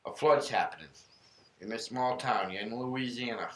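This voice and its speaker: A man's voice: medium pitch, moderate pace, a bit bright. A man hosting a casual faith podcast, telling stories in an earnest, rambling way. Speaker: podcast host. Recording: roomy room echo.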